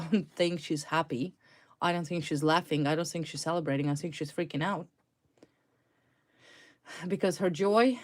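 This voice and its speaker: A woman reading tarot cards for viewers, talking emphatically and indignantly and repeating her key words. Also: fairly low pitch. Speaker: tarot reader.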